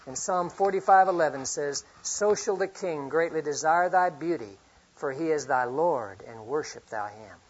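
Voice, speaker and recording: A middle-aged man preaching a sermon, earnest, reading scripture often and swinging from loud to hushed. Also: on the high side, normal speed, breathy edge. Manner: reads scripture aloud often. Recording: dull lo-fi recording.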